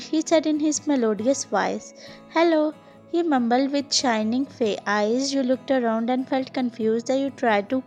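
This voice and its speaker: A woman narrating a fan fiction story in second person, reading in a plain, steady way. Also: a little high.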